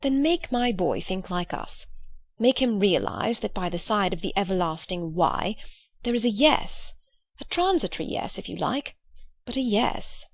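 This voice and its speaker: A woman voicing an earnest, gentle old man who talks in a pleading, philosophical way. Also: mid-range voice, big pitch swings, unhurried, creaky, no room sound, exaggerated voice. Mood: musing.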